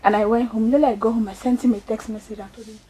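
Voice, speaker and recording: A woman's voice: fairly high pitch, rapid-fire. A young Nigerian woman telling a personal story in a casual chat, acting out the voices in it. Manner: animated, acts out quoted dialogue. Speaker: guest storyteller. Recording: voice from far off the mic.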